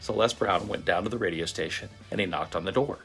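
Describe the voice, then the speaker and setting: A man telling a motivational story in a vivid, animated storytelling manner. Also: low-pitched, fast talker. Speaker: motivational speaker. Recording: faint guitar music behind. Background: soft guitar music.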